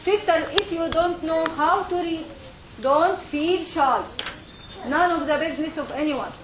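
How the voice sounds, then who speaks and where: Unhurried and high-voiced, a woman who teaches Arabic and Quran leads a class, circling back over material and frequently asking "okay?" to confirm understanding. A slight hiss or hum sits under her voice.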